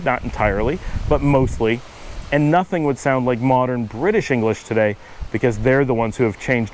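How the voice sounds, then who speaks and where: A man's voice: mid-range voice, darkish tone, a little hiss or hum. An American man with a Northern US accent talks outdoors into a handheld camera, explaining things thoughtfully with frequent restarts. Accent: Northern US, Cleveland-Buffalo area. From United States. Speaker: vlogger. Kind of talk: casual explanatory monologue.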